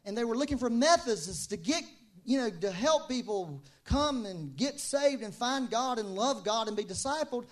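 A man's voice: extremely high pitch, animated, normal speed. A man preaching an informal, conversational sermon, often repeating his key phrases for emphasis.

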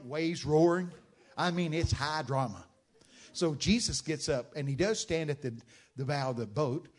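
A man preaching a sermon, telling Bible stories with dramatic shouted outbursts. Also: on the high side. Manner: dramatic storytelling, bursts into loud shouted quotes.

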